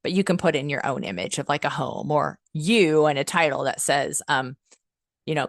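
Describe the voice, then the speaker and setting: A woman working as a customer success manager, leading a software training webinar in an upbeat, chatty, enthusiastic way, often using "like" and "um.". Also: low voice, expressive, normal speed, vocal fry, dry recording, studio quality. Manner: frequent "like" and "um" fillers.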